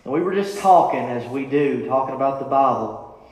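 A man's voice: mid-range voice, expressive, brisk, darkish tone. A man preaching a sermon in a church, with rising, impassioned calls and repeated refrains. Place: church sanctuary. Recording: echoey church hall.

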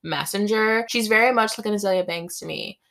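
A woman's voice: medium pitch, fairly quick, gravelly, crowd noise. A young adult woman co-hosting a podcast, blunt and opinionated, with casual swearing. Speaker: podcast co-host. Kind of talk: casual chat.

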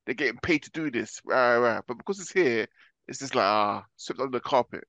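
A man from West London with a London accent, chatting on a podcast in an animated, emphatic way with quick restarts. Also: medium pitch, dry recording. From West London, England. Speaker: podcast co-host. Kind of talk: casual chat.

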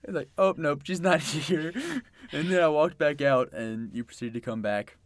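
A man's voice: on the high side, moderate pace. A young man, a podcast guest, telling a story in playful casual chat and often laughing.

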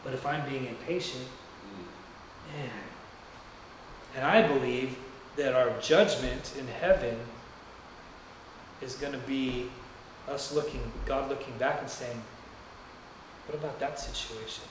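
Speaking slowly with long pauses, this male pastor delivers a sermon, spinning a story in a casual, wandering style. His pitch is medium and his tone steady, with slight background noise. He's captured from afar in an echoey church sanctuary.

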